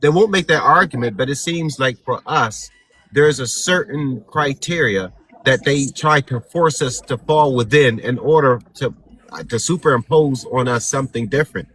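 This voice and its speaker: A man's voice: mid-range voice, normal speed, a bit bright, a little hiss or hum. A man arguing his point in a casual panel discussion. He repeats points for emphasis and acts out the questions people ask him.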